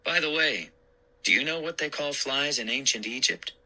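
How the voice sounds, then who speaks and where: A man's voice: medium pitch, moderate pace, pushed and bright, poor audio. A man voicing an uncle who loves telling corny jokes in a spooky storybook reading. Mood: joking. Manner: playful, joking. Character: jokey uncle, adult man, fond of dumb jokes.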